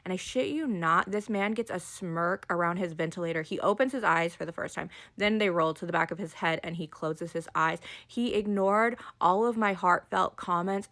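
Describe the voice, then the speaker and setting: A woman in her thirties telling family stories in a casual monologue, sarcastic and deadpan on the punchlines. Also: medium pitch. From Idaho, US. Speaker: storyteller.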